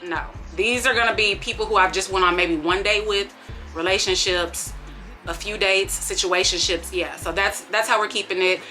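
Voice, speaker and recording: A woman, telling dating stories in a sassy, animated way, swinging between hushed disbelief and loud exclamations. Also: medium pitch, normal speed, faint music behind. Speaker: vlogger. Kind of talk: casual storytime vlog.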